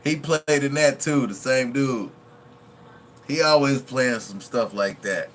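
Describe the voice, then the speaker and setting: A man's voice: mid-range voice, takes it slowly, fairly bright tone, a little hiss or hum. A man hosting a reaction video in a chatty, casual way, laughing often and quoting movie lines.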